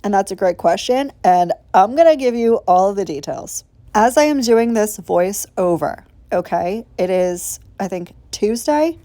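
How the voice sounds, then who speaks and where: A woman's voice: medium pitch, expressive, a little slow, warm tone, dry recording. A woman giving a chatty, casual voiceover for a nail tutorial, gushing and swearing casually as she explains each step. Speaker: nail vlogger. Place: voiceover recorded separately from the video.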